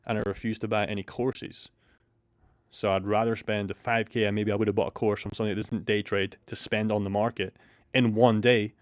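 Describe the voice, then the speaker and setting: A man's voice: fairly low pitch, fairly quick, dry recording, studio quality. A man hosting a casual trading livestream, reading out chat and swearing often. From Scotland. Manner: excitable, swears a lot, reads chat aloud. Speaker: livestream host.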